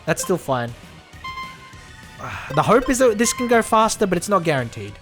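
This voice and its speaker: A man's voice: high voice, very animated, brisk, over music. A man streaming a video game live, chatting and laughing while reading character lines aloud. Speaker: VTuber streamer. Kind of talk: live gameplay commentary with dialogue read-aloud.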